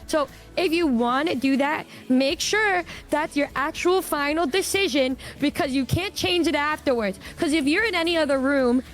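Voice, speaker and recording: A woman's voice: high-pitched, moderate pace, hardly any pauses, faint music behind. A woman streaming, chatting casually in a blunt, exasperated way and swearing often. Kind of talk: casual chat.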